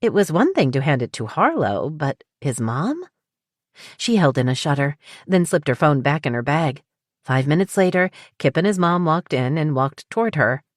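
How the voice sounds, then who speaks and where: A woman reads a romance audiobook with a low, steady voice and measured pacing. She is close to the mic, and the sound is dry, with no room around it. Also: no room sound. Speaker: audiobook narrator. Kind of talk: scripted narration.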